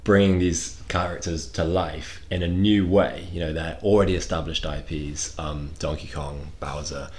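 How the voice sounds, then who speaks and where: A man's voice: low-pitched, fairly even intonation, moderate pace, hardly any pauses. A man chatting casually as co-host, dropping wry joking asides. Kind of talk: casual chat.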